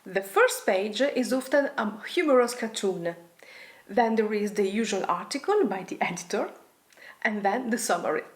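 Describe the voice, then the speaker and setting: A woman's voice: medium pitch, animated, moderate pace. A woman teaching a language lesson, reading example phrases aloud and then translating and explaining them. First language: Italian.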